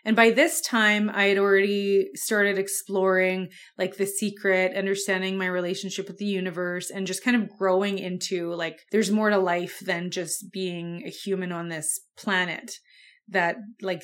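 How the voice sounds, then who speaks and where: A woman's voice: mid-range voice, fairly bright tone. A young woman talks into her podcast mic as she tells her own story. She is candid and loose, drops in fillers and now and then a curse, and speaks in a middle-range voice. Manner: candid and conversational, with frequent swearing and fillers. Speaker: podcast host. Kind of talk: personal storytelling monologue.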